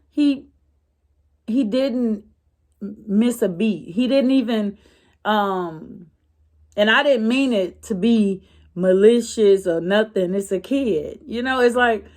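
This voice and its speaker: A woman vlogger telling a story in a casual, chatty way, with many fillers and restarts. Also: on the high side.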